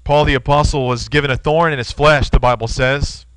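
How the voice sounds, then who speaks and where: A man's voice: medium pitch, fairly even intonation, a little fast, a bit bright, clear, resonant tone, no room sound, low-quality recording. A man in his thirties preaching a sermon, earnest and storytelling, speaking to his listeners as friends.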